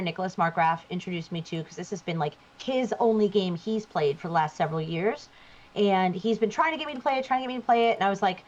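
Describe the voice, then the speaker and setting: A woman from New Jersey, a voice actor guest chatting casually while gaming and shifting where her voice sits as she talks. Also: medium pitch. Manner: chatty, shifts voice placement to demonstrate. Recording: dull lo-fi sound.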